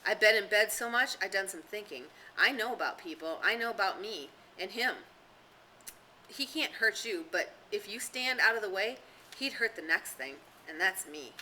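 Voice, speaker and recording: Woman doing a nervous, fussy boy in glasses; pleading, frets a lot, bright tone. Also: animated, moderate pace, slight background noise, low-quality recording. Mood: earnest. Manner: worried, pleading, rising to a squeak. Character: anxious plump schoolboy with glasses, fussy.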